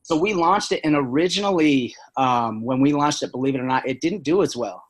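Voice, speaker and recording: A man with a somewhat high-pitched voice chats casually as a podcast guest. He rambles, stacking fillers and asking "right?" as he tells business stories. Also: animated, fairly quick.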